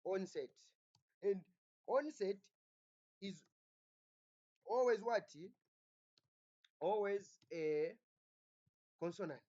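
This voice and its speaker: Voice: medium pitch, lively intonation, very slow, long pauses, mellow. A teacher giving a recorded phonology lecture, often asking the class "what?" and repeating words while restarting sentences. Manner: keeps asking the class "what?" and "Are we together?". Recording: dull lo-fi recording.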